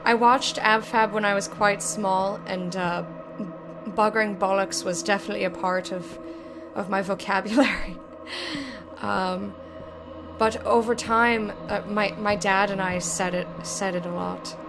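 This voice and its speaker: A woman's voice: medium pitch, fairly even intonation, measured pace. Playful, sweary woman streamer. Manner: playful, sweary, laughs often. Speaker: gameplay streamer. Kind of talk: casual gameplay commentary. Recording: voice over game music.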